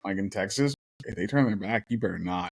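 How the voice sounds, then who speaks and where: A young adult man hosts a casual podcast chat, swearing a lot and laughing as he tells stories. His voice is fairly low with some vocal fry, and he talks a little fast.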